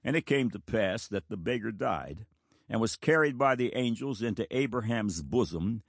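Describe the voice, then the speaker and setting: Man preaching a sermon, earnest and emphatic, pitch swings all over, dry close sound. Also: animated, normal speed, no echo. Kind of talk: sermon with scripture reading.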